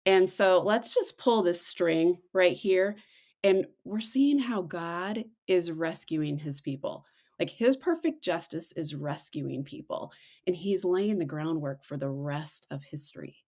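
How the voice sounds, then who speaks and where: A middle-aged woman co-hosting a casual devotional chat, slowing and softening on her reflective points. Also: lively intonation. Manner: acts out quoted voices with big pitch jumps. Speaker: podcast co-host.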